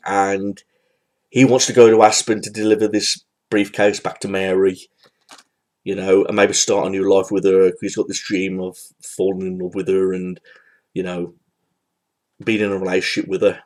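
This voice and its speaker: A man's voice: on the low side, little pitch movement, moderate pace, darkish tone. A man giving a casual, rambling spoken film review, full of fillers and restarts. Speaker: movie reviewer.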